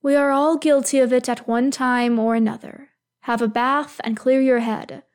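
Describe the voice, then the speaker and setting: A woman voicing a stern but caring older male elf lord, speaking formally and with measured firmness. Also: high voice, steady tone, a little mellow, smooth, natural voice. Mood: firm, stern. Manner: measured, formal, firm then soothing.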